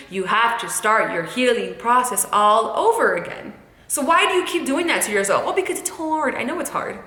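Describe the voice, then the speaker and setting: A woman's voice: medium pitch, bright, forceful tone, reverberant. A young woman talking straight to camera about getting over a breakup, candid and emphatic, often repeating lines for weight. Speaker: YouTuber giving breakup advice. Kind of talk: casual advice monologue to camera.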